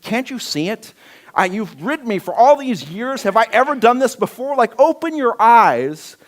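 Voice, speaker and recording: A man's voice: extremely high pitch, sing-song, moderate pace, voice pushed up. A preacher voicing an exasperated female donkey who pleads with her owner in incredulous questions.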